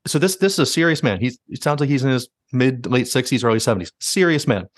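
A man's voice: mid-range voice, quick pace, dry recording, clean studio sound. A man hosting a podcast, animatedly retelling stories in casual chat and leaning heavily on "like". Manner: animated retelling, heavy use of "like". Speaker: podcast host.

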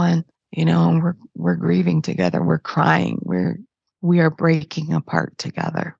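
Husky woman from detroit, halting story, repeats herself a lot, gravelly, dull lo-fi sound. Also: sits low, expressive, a little mellow, no echo. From Detroit, USA. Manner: halting, repeats phrases, vivid retelling. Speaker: podcast guest. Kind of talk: emotional personal storytelling.

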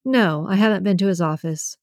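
Cole, a woman voicing a gruff male security boss. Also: medium pitch, a little fast, darkish tone, no room sound, studio quality, lightly acted. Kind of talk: audiobook character reading.

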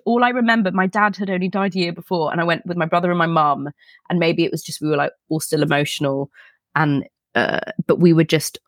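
A woman's voice: on the low side, dry recording, clean studio sound. A British woman, a podcast guest, chatting animatedly and jumping between thoughts with frequent laughter. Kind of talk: casual chat.

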